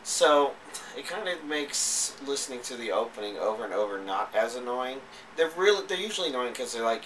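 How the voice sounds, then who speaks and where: A man's voice: mid-range voice, expressive, fairly quick, fairly bright tone, far from the mic, slight background noise, poor audio. A man giving a casual, rambling spoken review, with hesitant speech full of fillers and restarts. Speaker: anime reviewer.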